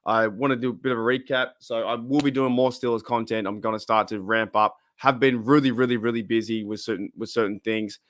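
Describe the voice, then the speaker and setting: A man's voice: mid-range voice, fairly even intonation, brisk, few pauses. A man with an Australian accent hosting a casual live stream, rambling and chatty, reading out chat and laughing often.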